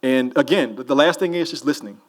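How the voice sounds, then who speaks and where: A man's voice: mid-range voice, fast talker. A man, an author answering audience questions at a festival in a loose, rambling, joking way. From New Orleans. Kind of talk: casual audience Q&A. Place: festival hall with a live audience.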